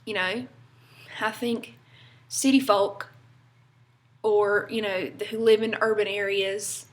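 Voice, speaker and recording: A young Southern-accented vlogger from North Carolina, USA, talks slowly in a mid-range voice with little pitch movement. Her casual to-camera chat is chatty and rambling, full of fillers and little bursts of laughter.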